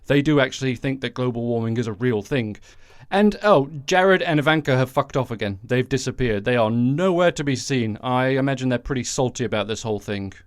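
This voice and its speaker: A man hosting his own podcast, ranting in a sarcastic, sweary way full of rambling asides. His voice sits at an ordinary pitch for a man. The recording is dry and close, with no room echo. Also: expressive, a little fast. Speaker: podcast host. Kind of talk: casual solo political rant.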